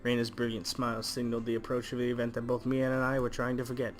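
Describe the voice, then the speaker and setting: A man's voice: medium pitch, monotone, quick pace. A man reading a visual novel's text aloud and breaking off into crude jokes about it. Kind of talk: casual let's play narration with jokey asides.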